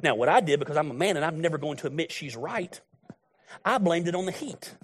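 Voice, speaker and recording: A man's voice: a little high, animated, quick pace, slightly rough. A middle-aged man preaching a sermon in a blunt, folksy, storytelling way. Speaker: pastor.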